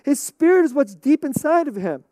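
A woman's voice: sits high, very animated, normal speed, mellow, dry recording, studio quality. A middle-aged woman pastor preaching a conversational sermon, laughing often and checking in with "okay?".

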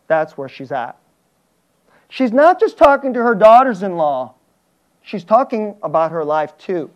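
A man preaching a sermon as a pastor, earnest and animated, often chuckling and stammering as he talks. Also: high-pitched, measured pace, pauses often, dull audio.

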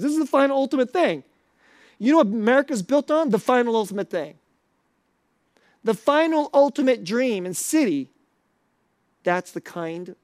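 A man's voice: high voice, dry recording. Guy preaching, chatty, keeps asking the crowd questions, dry close sound. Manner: conversational, asks the audience questions. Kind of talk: sermon.

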